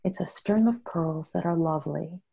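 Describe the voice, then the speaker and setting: A woman in her fifties, a podcast guest talking calmly and compassionately about self-care, at times in pain and sometimes dropping to a whisper. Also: lowish voice, vocal fry, slightly rough, rough recording. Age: 50s. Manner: slow, soothing, compassionate; drops to whispers at times. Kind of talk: calm guided self-care talk.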